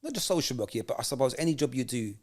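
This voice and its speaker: A man co-hosting a casual podcast chat, telling animated stories and acting out what people said. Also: mid-range voice, very fast. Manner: animated storyteller, acts out quoted voices. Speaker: podcast co-host.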